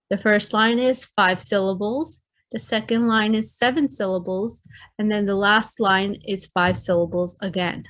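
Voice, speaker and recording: Woman teacher, slow and clear, speaking to kids in a recorded lesson. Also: mid-range voice, a bit bright. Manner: clear, explanatory, addresses children.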